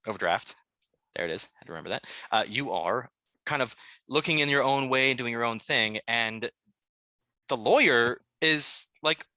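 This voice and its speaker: A man's voice: mid-range voice, pushed and bright, clear, resonant tone, no echo, studio quality. A man running a tabletop game as game master, talking in a loose, rambling way with many fillers.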